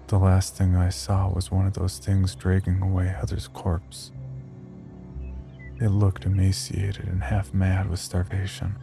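A man narrating a horror story in the first person, grim and measured. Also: low voice, gravelly.

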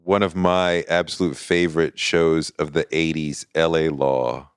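A middle-aged man hosting an interview podcast, asking questions in an enthusiastic, animated way. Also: extremely low pitch, a little slow, clean tone, no room sound, studio quality. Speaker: podcast host. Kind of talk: casual interview.

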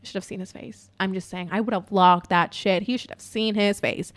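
A woman hosting a podcast, telling a story in a casual, profane, chatty way with lots of fillers, going from loud to hushed. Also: medium pitch, brisk. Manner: animated, swinging between loud and hushed. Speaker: podcast host.

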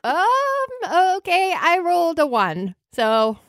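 A woman's voice: very high-pitched, wildly swooping pitch, slow pace, a bit bright, dry recording, clean studio sound. A woman player in an actual-play roleplay, playful and giggly.

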